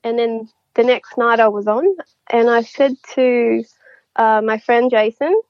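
Chatty woman, higher voice. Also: flat delivery, measured pace, no room sound. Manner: chatty, rambling, laughs often. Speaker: psychic guest. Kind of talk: casual storytelling. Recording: dull lo-fi, dry.

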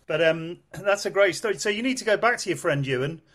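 Male co-host, higher pitch, hesitant casual interviewer. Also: expressive, fast talker, fairly bright tone. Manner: rambling, hesitant, many fillers. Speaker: podcast co-host.

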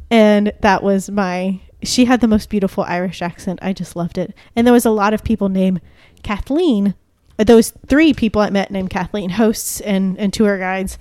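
A woman's voice: mid-range voice, fairly quick, dry recording, studio quality. An American woman co-hosting a casual podcast chat, telling stories and acting out the quotes with laughs. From United States. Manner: animated storyteller, acts out quotes with laughs. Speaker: podcast co-host.

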